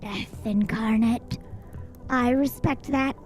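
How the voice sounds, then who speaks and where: A gloomy, fatalistic male rat played by a woman intones every line solemnly, sometimes dropping to a whisper. The voice stays higher than a real prophet of doom would, with faint music underneath. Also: measured pace, lightly acted.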